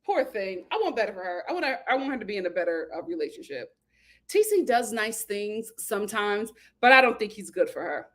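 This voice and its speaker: A woman hosting a reality TV recap in casual chat, sassy and animated, acting out the cast's lines with big laughs. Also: mid-range voice, a little fast.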